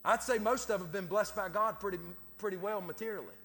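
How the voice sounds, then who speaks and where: A man with a high voice preaches to a congregation in a folksy, looping style, doubling back on his words. His voice rings out with a long echo through the church hall. He reads scripture and keeps urging his listeners on. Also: a little fast, a bit bright. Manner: folksy, repeats words, Southern-style grammar. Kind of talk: sermon. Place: church sanctuary.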